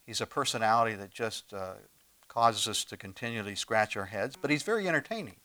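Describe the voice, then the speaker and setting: Animated preacher man, rising and falling. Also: on the low side, brisk. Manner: animated preaching with big swings in loudness and pace; conversational asides and rhetorical questions. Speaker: pastor. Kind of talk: sermon.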